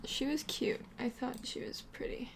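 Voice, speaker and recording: A young woman casually narrating her life-simulation game story, chatty and excitable with many fillers and little gasps. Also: normal speed, noisy background. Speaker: Sims gameplay vlogger.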